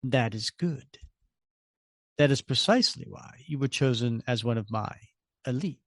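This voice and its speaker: A man doing a calm, quiet mysterious stranger. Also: mid-range voice, a little slow, no echo, clean studio sound. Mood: composed.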